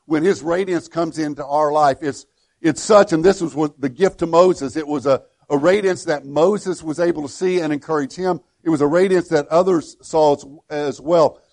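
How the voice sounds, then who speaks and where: Middle-aged male pastor, conversational sermon delivery, slightly high voice, dry close sound. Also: normal speed, gravelly, a little mellow, no echo. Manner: conversational preaching with frequent restarts.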